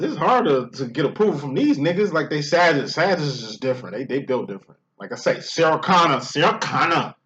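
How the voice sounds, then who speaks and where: A man's voice: fairly high pitch, fairly bright tone. A man giving a casual spiritual monologue as a twin flame reader, talking in rambling, profane street slang. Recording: dull lo-fi audio.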